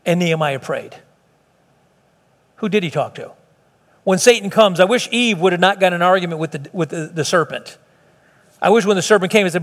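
A man with a high voice preaches a lively sermon as pastor, throwing himself into the lines he quotes. His voice carries a long reverb from a large church sanctuary. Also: moderate pace. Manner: animated, acts out quotes, sings hymn lines.

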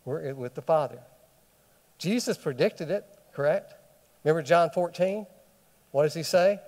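A man's voice: on the high side, normal speed, long pauses, a little mellow. A man teaching a Bible study sermon who keeps asking the listeners questions and then answers them himself. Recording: long hall reverb.

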